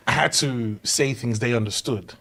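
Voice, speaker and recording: Man, comedian guest, relaxed storytelling, podcast chat, middle pitch. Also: normal speed. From Britain, Nigerian family. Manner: storytelling, acts out voices.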